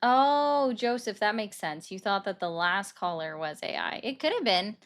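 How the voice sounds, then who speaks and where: A woman's voice: mid-range voice, animated, normal speed, fairly bright tone. Chatty woman livestream host. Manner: chatty, reacts to viewer comments. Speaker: livestream political commentary host. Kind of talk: casual live-stream chat with callers.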